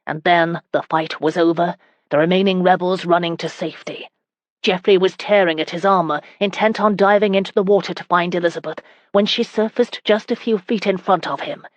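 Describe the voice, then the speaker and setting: A woman narrating a historical romance audiobook in a steady, even reading. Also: fairly low pitch, a little fast, no echo. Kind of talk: scripted narration.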